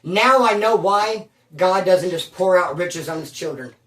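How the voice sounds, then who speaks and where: A man from Bakersfield telling prison stories at home, animated and slangy, calling the listener bro and dude. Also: high voice, a little slow, distant mic. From Bakersfield, California. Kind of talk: casual storytelling. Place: at home, indoors. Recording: roomy room, from off mic.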